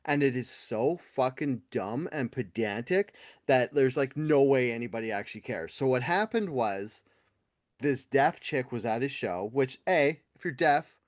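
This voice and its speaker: Male podcast host, mid-pitched, profane and mocking, dry booth sound. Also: no room sound. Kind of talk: casual podcast chat.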